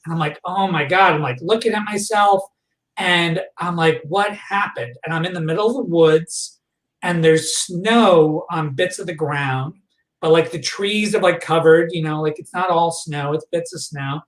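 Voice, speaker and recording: Guy on a podcast telling a story, lots of "like" and restarts, roomy echo. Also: a little high. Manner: halting, full of "like" fillers and restarts. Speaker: podcast guest. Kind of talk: retelling a personal memory in a podcast chat. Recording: echoey room, voice far from the mic.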